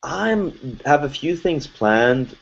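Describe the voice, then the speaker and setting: A man's voice: on the high side, slow, creaky. A man with a faint foreign accent, hard to place, chatting in an interview and telling stories animatedly. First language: French or Arabic. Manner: animated storyteller, laughs often. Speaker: voice actor guest. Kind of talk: casual interview chat. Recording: dull lo-fi podcast audio.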